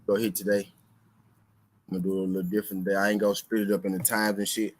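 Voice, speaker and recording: A man's voice: lowish voice, flat delivery, racing, slight background noise, poor audio. A young man hosting a sports betting stream in loose, slangy casual chat, repeating his lines for emphasis. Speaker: sports betting show host.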